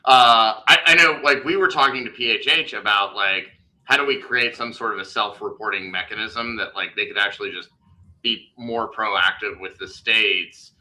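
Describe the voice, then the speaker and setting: A man co-hosting a podcast, talking loosely and off the cuff, stumbling through fillers as he works out his point. His voice sits a little low but rings very bright and forceful. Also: moderate pace, rough recording. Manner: rambling, thinks aloud with many fillers. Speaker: podcast co-host. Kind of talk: casual chat.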